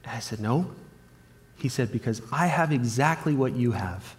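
A man's voice: medium pitch, expressive, normal speed. Earnest man preaching in a reverberant hall. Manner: earnest storytelling, acting out remembered dialogue. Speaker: pastor. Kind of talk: sermon with personal story.

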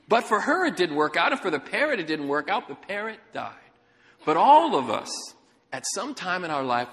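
A man preaching as a guest pastor, telling a story with animated delivery and calling to the congregation. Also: sits high, in a large hall. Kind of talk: sermon. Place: church sanctuary.

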